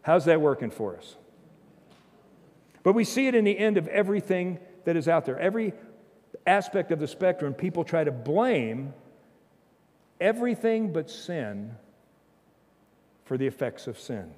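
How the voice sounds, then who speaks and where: A man preaching a sermon as pastor, emphatic, swinging from loud bursts to low, intense passages, with humorous asides and chuckles. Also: sing-song, moderate pace, long pauses, long reverb tail. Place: church sanctuary.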